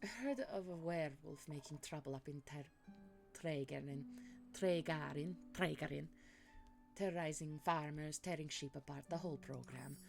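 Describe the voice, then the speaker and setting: Woman doing a dry teasing adventurer type, low and a bit gravelly. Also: moderate pace, over music. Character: wry wandering adventurer with news of monsters. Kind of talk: cosy tavern role-play.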